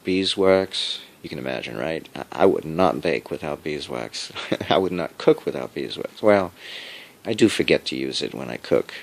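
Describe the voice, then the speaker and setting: A man with a very low voice and a rough, fry-laden texture. He talks in a meandering personal monologue, stumbling over his words, repeating himself and chuckling to himself. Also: expressive. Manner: digressive, halting, with frequent repeats and chuckles. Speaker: home cook sharing health updates.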